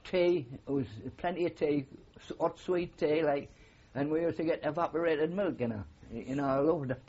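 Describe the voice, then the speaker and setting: A man's voice: on the high side, normal speed, darkish tone, slightly rough, muffled recording. An older man with a Geordie accent, a war veteran telling rambling stories with many fillers in an oral history interview. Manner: rambling anecdotal storytelling with frequent fillers.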